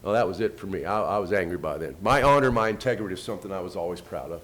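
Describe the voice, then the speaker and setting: A man giving a first-person storytelling talk, retelling events with quoted dialogue and lively shifts in pitch and loudness. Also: racing. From United States. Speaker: invited speaker.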